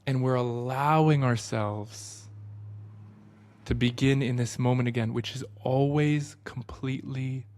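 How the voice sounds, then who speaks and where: A man in his thirties speaks at a middle pitch, earnest and reflective. He talks casually, with loose fillers and restarts. He drops into a slower, deliberate pace for the points that matter most. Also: fairly even intonation, a little mellow. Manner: earnest and reflective, slowing for emphasis. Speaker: book study host. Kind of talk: reflective spoken talk.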